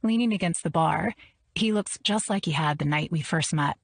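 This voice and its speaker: A woman narrating an audiobook in the first person, in an even, measured reading. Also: deep voice, vocal fry, breathy edge, no room sound.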